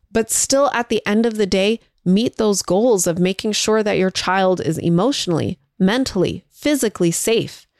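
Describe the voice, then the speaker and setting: Brief: woman, mid-pitched, warm encouraging parenting talk, close dry recording. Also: no echo. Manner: warm, encouraging, conversational, folksy. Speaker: mother sharing parenting advice. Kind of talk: casual talk to viewers.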